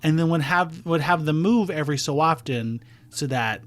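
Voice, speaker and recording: A man's voice: a little high, moderate pace, slight background noise. A man co-hosting a podcast, casually retelling a true-crime case with fillers and restarts. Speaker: podcast co-host.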